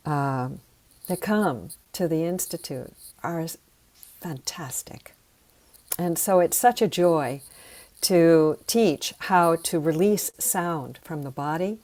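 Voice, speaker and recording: A woman teaching sound healing, leading slow, soothing breathing and voice exercises. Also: sits low, a little mellow.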